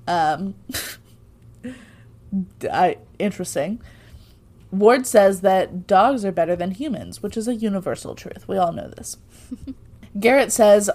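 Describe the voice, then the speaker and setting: A woman's voice: mid-range voice, lively intonation, slow, a little mellow. A woman co-hosting a podcast, recapping an episode in a casual, chatty way with irreverent asides and frequent laughs. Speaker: podcast co-host.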